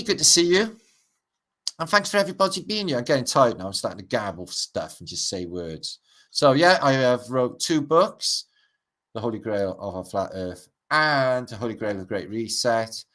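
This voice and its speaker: Welsh man, middle-aged, low-pitched voice, rambling, swearing, livestream host chatting to comments. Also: fairly bright tone. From Wales. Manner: rambling, sweary, greets chat by name. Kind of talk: casual livestream chat reading out comments.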